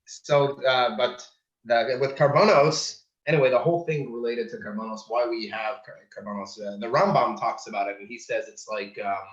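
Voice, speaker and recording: Casual male co-host with a halting, jokey delivery, heard over a video call from an echoey gym, dull lo-fi sound. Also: medium pitch. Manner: halting, many fillers and restarts, jokey. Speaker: podcast co-host. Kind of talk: casual chat with jokes. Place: large empty school gym. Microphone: computer mic on a video call.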